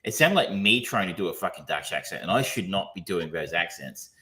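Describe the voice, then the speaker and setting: A man's voice: sits low, expressive, a little fast, bright, forceful tone. A man co-hosting a podcast, talking casually and rambling, with frequent ums, restarts and casual swearing. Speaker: podcast co-host reviewing films. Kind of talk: casual chat.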